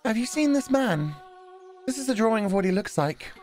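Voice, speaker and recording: A man's voice: high voice, very animated, fairly quick, darkish tone, long reverb tail, soft background music, pitched above the performer's own voice. A man voicing a determined young woman who searches for her lost lover, reading a visual novel aloud. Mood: worried.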